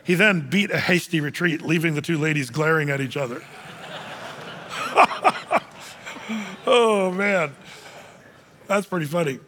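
A man delivers a sermon in a large, echoing hall. His voice sits high and bright, and he tells the scripture story with animated energy, slipping into little voices for the characters. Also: moderate pace. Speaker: pastor.

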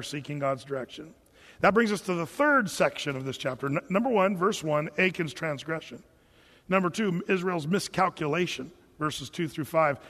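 A man teaching through a Bible chapter as a pastor, conversational and animated, acting out the quotes. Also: sits high. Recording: long hall reverb.

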